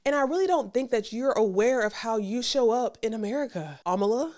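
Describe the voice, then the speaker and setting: A podcast host delivers an emphatic, sassy reaction monologue, repeating her points and talking straight to the listener in a conversational way. Her voice is a little high and a little mellow, animated and brisk.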